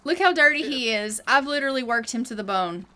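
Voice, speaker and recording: Chatty woman streamer playing a life sim game, high bright voice, playful and rambling. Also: expressive, fairly quick. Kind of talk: casual gameplay commentary.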